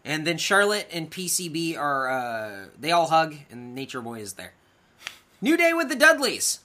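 A man co-hosting a podcast, recapping wrestling matches in casual chat and acting out the wrestlers' lines in loud bursts. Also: on the high side, huge pitch swings, moderate pace. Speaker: podcast co-host.

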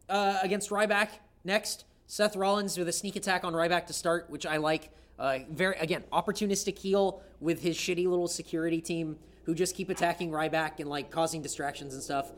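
Guy hyped up recapping wrestling on a podcast, swears a lot, voice kinda high. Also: a bit bright. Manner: enthusiastic, profane, quick to tease. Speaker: podcast co-host. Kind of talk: casual wrestling recap chat.

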